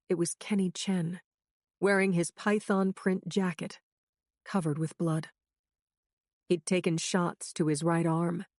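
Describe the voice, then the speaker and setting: A woman's voice: on the low side, darkish tone, no echo, studio quality. A woman narrating a crime thriller audiobook in the first person with a tense, urgent reading.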